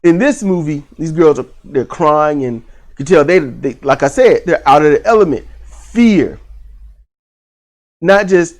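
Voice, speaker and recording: A man's voice: fairly high pitch, lively intonation, measured pace, long pauses, a little mellow. A man giving a casual, rambling movie review, full of restarts and fillers and the odd swear word.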